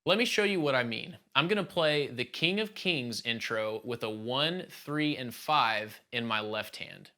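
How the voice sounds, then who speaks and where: Guy walking you through keys playing, bright clear voice, calm and steady. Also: medium pitch, a little slow, hardly any pauses. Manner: explains step by step, calm teaching tone. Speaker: worship keys instructor. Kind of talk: instructional talk.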